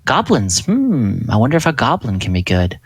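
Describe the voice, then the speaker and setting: A man's voice: medium pitch, huge pitch swings, normal speed, breathy edge, dry recording, full character voice. A man voicing an absent-minded male wizard scholar who muses aloud, in a raised voice. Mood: musing.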